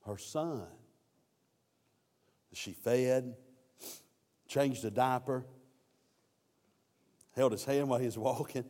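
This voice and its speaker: A man's voice: medium pitch, takes it slowly, pauses often, mellow. A man preaching a sermon, telling the story with voiced quotes. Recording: long hall reverb.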